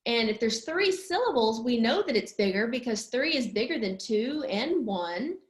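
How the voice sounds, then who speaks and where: A woman's voice: fairly high pitch, lively intonation, reverberant. A woman teaching young children in a patient, sing-song way, drawing out each word as she claps it. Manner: patient, sing-song, drawn-out clapped words. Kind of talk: slow, clear lesson for young children.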